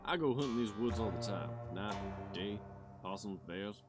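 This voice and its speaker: A man voicing a stubborn, boastful rural male hunter in a put-on drawl, with lively ups and downs and music behind. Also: on the low side, normal speed, close to an everyday voice. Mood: gruff. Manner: boastful, scolding.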